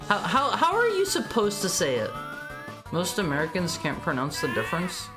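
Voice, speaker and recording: A woman's voice: mid-range voice, big pitch swings, unhurried. A woman streaming a video game, chatting playfully and teasing her chat. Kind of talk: casual game-stream commentary. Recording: game music playing behind.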